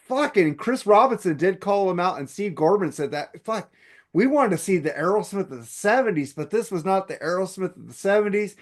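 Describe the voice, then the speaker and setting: High-voiced swearing podcast storyteller man. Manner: animated storytelling, heavy swearing. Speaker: podcast host. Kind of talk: casual podcast chat.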